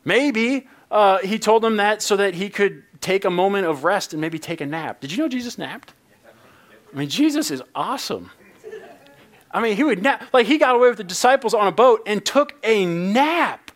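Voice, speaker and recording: Male pastor, high voice, conversational sermon with lots of humor. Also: expressive, moderate pace, fairly bright tone. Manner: playful, joking, conversational preaching.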